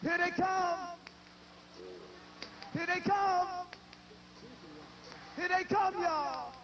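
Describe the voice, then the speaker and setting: A man leading a live crowd in call-and-response chants, shouting over the band in a large arena. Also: extremely high pitch, extremely slow, noisy background. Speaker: band's lead talker. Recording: lo-fi live concert tape. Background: loud live band music.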